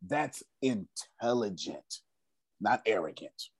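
Man, motivational meeting leader: emphatic, preachy, slangy, animated delivery, dry sound. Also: lowish voice, slow, slightly rough, no echo. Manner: emphatic, preachy, repeats phrases, casual slang. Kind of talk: motivational talk to a group.

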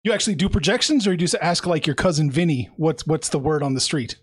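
A man's voice: a little high, lively intonation, fast. A man hosting a casual podcast interview, asking questions in a joking, upbeat way. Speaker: podcast host.

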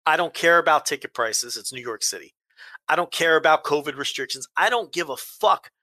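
A man's voice: a little high, expressive, brisk, bright, forceful tone, no room sound. Heated, profane man ranting on a podcast. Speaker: podcast co-host. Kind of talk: casual chat.

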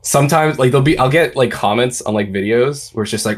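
A man's voice: mid-range voice, fast. A man, a game developer hosting a panel, talking easily with many fillers. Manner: easygoing, filler-heavy, laughs readily. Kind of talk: casual panel chat.

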